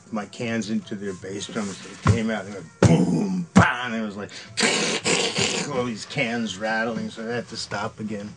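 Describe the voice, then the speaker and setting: A man's voice: on the low side, poor audio. A man, a former band member, telling rambling, profane stories in a casual interview. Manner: rambling, profane, laughs through anecdotes.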